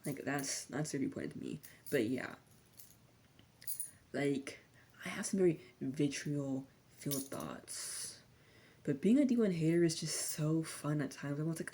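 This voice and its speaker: Young woman, low voice, mellow tone, sardonic slangy ASMR rant, soft spoken with whispers. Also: lively intonation, unhurried, breathy edge. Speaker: vlogger.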